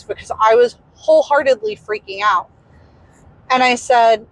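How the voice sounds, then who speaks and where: Casting note: young woman, Southern US accent, bit higher voice, candid storyteller with animated ups and downs. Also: moderate pace, low-quality recording. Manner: candid, exasperated, animated retelling. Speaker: vlogger. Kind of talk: casual storytelling. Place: in a vehicle.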